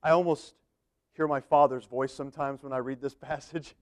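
A man's voice: medium pitch, steady tone, normal speed, no room sound, studio quality. A man reading scripture aloud as a preacher, with conversational asides between verses.

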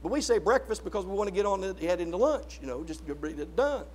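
A man preaching a sermon, drawing out single words and swinging from loud, stressed peaks down to low, quiet asides. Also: animated, a little fast, few pauses. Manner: rising to loud emphatic peaks, then dropping low.

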